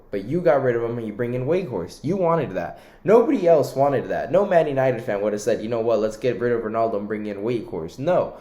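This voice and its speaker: A young man, ranting casually about football in a heated, animated way. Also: medium pitch, echoey room. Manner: animated, ranting, uses "mate" and "lad". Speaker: football commentator. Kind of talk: casual opinion rant.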